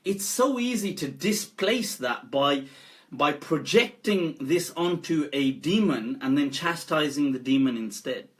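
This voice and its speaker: A scholar talking casually on a live stream, animated and laughing often as he speaks. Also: fairly high pitch, measured pace. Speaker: Islamic scholar.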